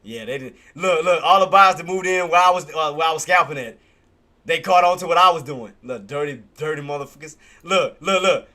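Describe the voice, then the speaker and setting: A man giving live trading commentary on his stream. He talks excitably, repeats himself often, and swears. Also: on the high side, a little fast. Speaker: day-trading livestreamer.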